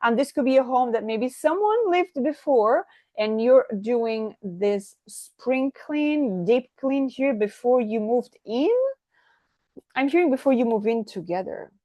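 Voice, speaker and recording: A woman giving a channeled tarot reading, effusive and excitable, tripping over her words and asking "right?" again and again. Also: fairly high pitch, unhurried, no echo, lo-fi sound. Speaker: tarot reader.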